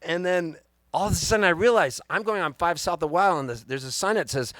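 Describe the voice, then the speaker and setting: A man, a singer-songwriter, telling an animated story between songs at a live music venue and acting out the people in it. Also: high voice, fast. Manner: animated, excitable storyteller who acts out the people he quotes.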